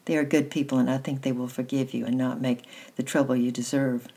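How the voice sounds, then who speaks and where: A woman voicing a kindly old grandmother in a storybook, speaking gently in her own low voice. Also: little pitch movement, a little fast, breathy edge, heavily acted. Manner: gentle, kind.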